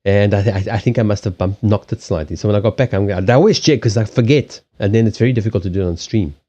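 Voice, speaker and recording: A man with a low, mellow voice chats loosely on a live stream, circling back on himself and swearing casually. He talks into a desk microphone, and the sound comes through dull and lo-fi. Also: fast talker. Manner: rambling, many restarts, casual swearing. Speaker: live streamer and card reader. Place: desk in a small home. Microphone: desk microphone on a stand.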